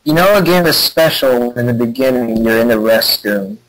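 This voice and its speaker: A young man co-hosting a casual podcast, chiming in with halting short remarks. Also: medium pitch, animated, a bit bright, a little hiss or hum, rough recording. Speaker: podcast co-host. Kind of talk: casual chat.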